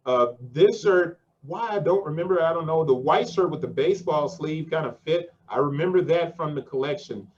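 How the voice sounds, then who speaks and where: A male interview host with a slightly high voice who chats loosely and slangily. His voice comes through a somewhat dull, lo-fi recording. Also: normal speed, few pauses, a little mellow. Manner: slangy and conversational, says 'yo' and 'man'. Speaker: podcast host. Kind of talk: casual interview.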